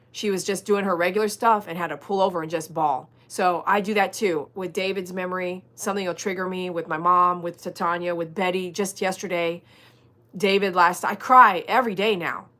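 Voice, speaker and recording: Woman in her forties, bright clear tone, earnest, emphatic, casual livestream talk. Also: medium pitch. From Texas, USA. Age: 40s. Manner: earnest, emphatic, repeats short commands. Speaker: livestream host and dog groomer.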